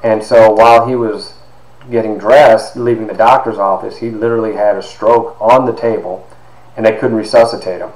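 Low-voiced man telling his life story. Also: normal speed. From Ohio, USA. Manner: animated retelling with lots of quoted dialogue and fillers. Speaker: podcast host and author. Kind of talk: personal storytelling. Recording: echoey room with faint background noise.

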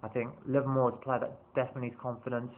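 A man's voice: medium pitch, little pitch movement, racing. A man rambling through a casual preview of his team's upcoming matches, restarting sentences and swearing now and then. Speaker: football fan vlogger. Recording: tinny phone-like sound.

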